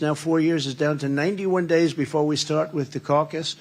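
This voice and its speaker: Older guy rambling thru a campaign rally speech, kinda high pitched, bragging a lot. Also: steady tone, normal speed, hardly any pauses. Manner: rambling, boastful, repeats phrases. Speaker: political speaker at a rally. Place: large indoor rally room.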